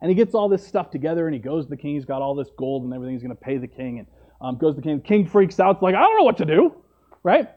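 A man's voice: fairly high pitch, animated, rapid-fire, narrow, tinny audio. A man preaching a sermon, retelling a story in a conversational way and often checking in with "right?".

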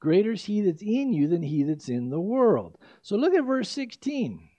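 An older male pastor preaches with a lively, swinging delivery and a fairly high voice. His tone is mellow rather than bright. The recording is dry and a bit dull. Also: normal speed, no room sound. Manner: animated, emphatic preaching with asides. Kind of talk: sermon.

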